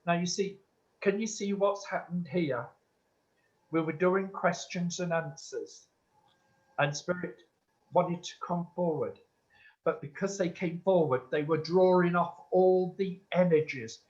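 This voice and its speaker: Earnest medium man, warm and insistent. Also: high-pitched, unhurried. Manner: earnest and insistent, calls listeners sweetheart. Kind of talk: church demonstration, answering audience questions. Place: church hall. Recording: dull lo-fi recording.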